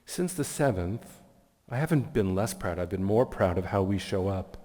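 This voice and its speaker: A man's voice: low voice, expressive, moderate pace, mellow, long reverb tail. A man giving a heartfelt, inspirational speech with personal stories as guest speaker at a community meeting. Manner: heartfelt, earnest storytelling. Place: community event hall.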